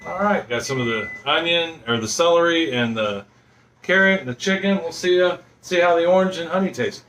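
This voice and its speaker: A man's voice: on the high side, brisk, fairly bright tone, slight background noise. A man chatting casually in his home kitchen as he tastes the dish he cooked, rambling with lots of ums and uhs. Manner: rambling, filler-heavy, folksy. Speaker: home cooking vlogger. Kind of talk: casual cooking vlog chat.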